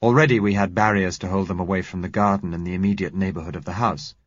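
Husky low-voiced man reading an audiobook. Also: no room sound. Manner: measured, even, plain. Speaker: audiobook narrator. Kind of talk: scripted narration. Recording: dull lo-fi, dry.

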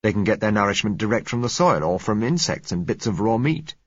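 A man with a fairly low, expressive, slightly rough voice speaks briskly with no echo, voicing an earnest character who argues his theories at length. The delivery is argumentative and lecturing, and the recording sounds muffled and lo-fi.

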